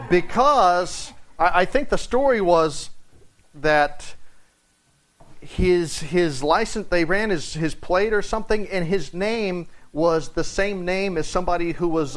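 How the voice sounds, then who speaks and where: Animated male pastor with a high voice. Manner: animated storytelling, acts out quotes. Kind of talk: Bible study teaching. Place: church.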